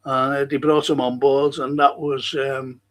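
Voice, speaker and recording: A man's voice: medium pitch, flat delivery, measured pace. A man hosting a live stream, reading out chat comments and telling rambling stories. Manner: rambling, chatty storytelling with restarts. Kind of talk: casual chat.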